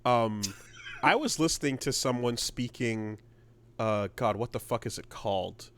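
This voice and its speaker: Mid-pitched man, rambling co-host, loose casual podcast talk. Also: unhurried. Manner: rambling, many fillers and restarts. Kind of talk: casual chat.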